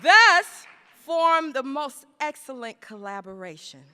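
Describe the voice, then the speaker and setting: A woman giving a plenary speech at a conference, rhetorical and emphatic, slowing down to stress key phrases. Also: high voice, very animated, bright, forceful tone, a faint crowd, slight background noise. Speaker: conference speaker. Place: large conference hall. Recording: reverberant hall.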